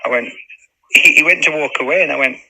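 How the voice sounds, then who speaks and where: A former footballer in his fifties, appearing as an interview guest, tells a story in lively chat, acting out quotes and swearing freely. His voice is fairly high, fast and creaky, and the recording is rough.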